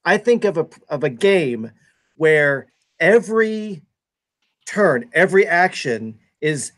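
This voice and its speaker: A man co-hosting a board game live stream, trading dry, wry jokes in group chat. His voice sits high and jumps lively up and down. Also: slow pace.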